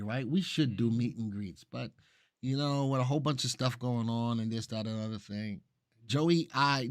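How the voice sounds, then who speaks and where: A man's voice: medium pitch, no echo, studio quality. A man co-hosting a live market show, chatting casually and reading viewer comments aloud. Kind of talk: casual live-stream chat.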